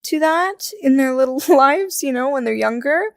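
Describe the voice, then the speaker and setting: A woman talking as a podcast guest in a casual, chatty way, full of "like" fillers and quick laughs. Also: high voice, animated. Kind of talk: casual conversational interview.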